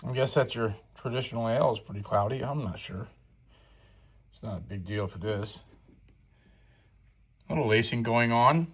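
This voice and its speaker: A man's voice: mid-range voice, moderate pace, pauses often, fairly bright tone. A man casually reviewing his own homebrew beer, rambling and correcting himself as he talks. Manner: rambling, self-correcting, chatty.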